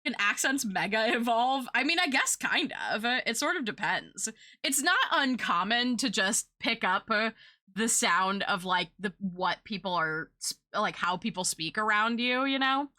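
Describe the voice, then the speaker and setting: A woman's voice: on the high side, animated, unhurried, sharp tone. A young woman streamer chatting casually with her viewers, rambling and filling her talk with "like" and "uh". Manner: chatty, rambling, filler-heavy.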